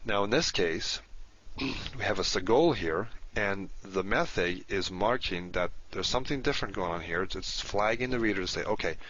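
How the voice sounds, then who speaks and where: A man's voice: fairly low pitch, normal speed, a bit bright. A man teaching a recorded language lesson, explaining step by step and repeating key terms patiently. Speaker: Hebrew teacher. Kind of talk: recorded lecture. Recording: dull lo-fi recording.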